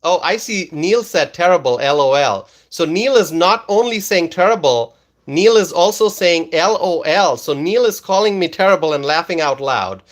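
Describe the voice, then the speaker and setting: Man, slightly high voice, political livestream host, insistent, repeats himself, lots of uh and um. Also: animated, normal speed. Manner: insistent, repeats phrases, many fillers. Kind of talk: livestream commentary reading chat comments.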